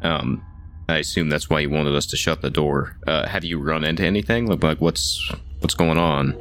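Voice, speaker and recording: A young man playing his character in a tabletop game, relaxed and joking. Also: very deep voice, normal speed. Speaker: player. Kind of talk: casual tabletop play.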